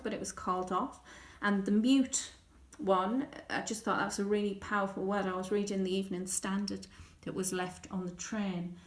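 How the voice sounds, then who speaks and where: In an echoey room, a textile artist with a mid-range voice explains her stitched diary. She chats casually and wryly, with plenty of ums and uhs.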